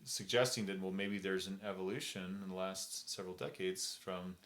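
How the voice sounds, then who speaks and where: A man's voice: sits low, little pitch movement, moderate pace, fairly bright tone. A man co-hosting a casual chat, telling rambling, jokey stories and slipping into voices for anecdotes. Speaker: podcast co-host.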